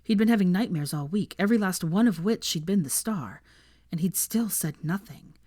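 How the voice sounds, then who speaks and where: A woman narrating fan fiction aloud in a steady, expressive storytelling manner. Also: on the low side, moderate pace, dry recording, clean studio sound.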